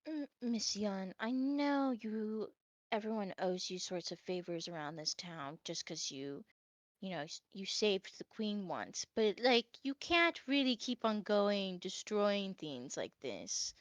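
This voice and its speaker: A dutiful orc guard woman, voiced by a woman in a slightly lower, measured tone. She addresses people formally, with a bright voice on a dry mic. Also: no room sound. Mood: pleading.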